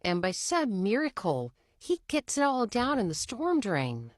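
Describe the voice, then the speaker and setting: A woman's voice: fairly high pitch, huge pitch swings, a little slow, no echo, studio quality. A woman telling a story in a casual, chatty way, often saying "you know".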